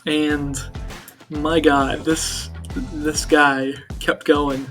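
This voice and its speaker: A man's voice: on the high side, level tone, very slow, a bit bright, soft background music. A man vlogging in a rambling, filler-heavy, dismissive way as he recounts an online chat.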